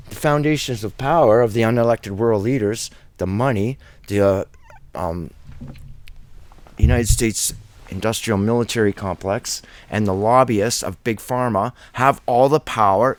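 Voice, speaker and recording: A man's voice: lowish voice, dry recording. A man preaching on a Bible chapter, reading scripture aloud and breaking off into impassioned, rambling commentary.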